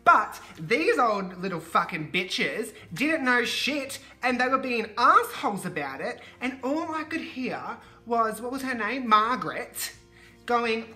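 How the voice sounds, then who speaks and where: Ranting Australian woman with a bright voice. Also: fairly high pitch, measured pace, faint music behind. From Queensland, Australia. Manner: animated profane ranting. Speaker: vlogger. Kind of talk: storytime vlog.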